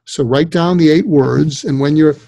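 A man's voice: a little high, normal speed, creaky, no room sound. An older man, a psychiatrist guest on a podcast interview, telling stories and acting out the voices of people he quotes. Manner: animated storyteller, acts out quoted voices.

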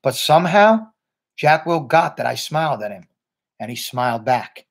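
Gravelly man reading a novel aloud. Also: a little high, very animated, moderate pace. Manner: plain first-person narration with asides. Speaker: reader.

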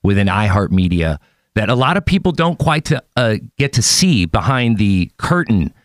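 A man hosting a casual interview podcast, talking in an animated, chatty way. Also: on the low side, moderate pace, dry recording, studio quality. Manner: animated, chatty, tells stories with impressions. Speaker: podcast host.

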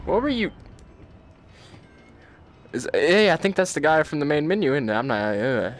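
A man's voice: a little high, very animated, moderate pace. Jumpy gamer guy in a noisy room. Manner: jumpy, nervous laughter, muttered exclamations. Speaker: gaming channel host. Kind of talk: let's-play commentary.

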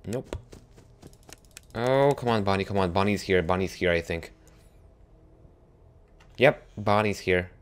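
A young man giving let's play commentary on a horror game, swinging from hushed muttering to sudden yelps. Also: deep voice, a little slow, long pauses, clear, resonant tone. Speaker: gaming YouTuber.

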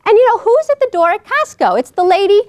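New York woman, high lively voice, joking guest lecturer, dry sound. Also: fast, dry recording. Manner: animated, joking storyteller. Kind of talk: humorous lecture. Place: college lecture hall.

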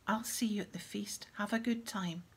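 A woman voicing a downcast teenage boy who speaks in a flat, subdued way in a storybook reading, with a gravelly voice. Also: medium pitch, normal speed.

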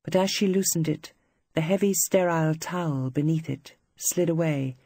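Brief: literary audiobook narrator, dark and raspy, close and dry sound. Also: medium pitch, normal speed, dry recording. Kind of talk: scripted narration.

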